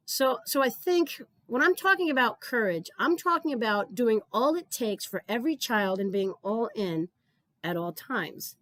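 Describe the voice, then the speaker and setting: A woman's voice: fairly high pitch, animated, moderate pace, fairly bright tone, no room sound. A middle-aged woman giving an earnest conference keynote, telling stories and often repeating words as she starts a thought. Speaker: keynote speaker.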